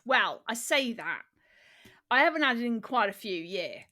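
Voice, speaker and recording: A woman's voice: a little high, big pitch swings, moderate pace, pushed and bright. A woman co-hosting a comedy podcast, chatty and teasing. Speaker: podcast co-host. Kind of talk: casual comedy chat.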